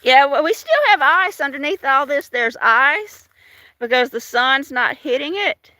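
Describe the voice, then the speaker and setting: A woman chats on a live stream while walking outside, greeting viewers by name and laughing often. Her voice sits high and swoops all over. The sound is dry and close. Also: animated, a little slow, bright, forceful tone, no echo. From Washington state. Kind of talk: casual live-stream chat. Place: outdoors in a storm-damaged yard.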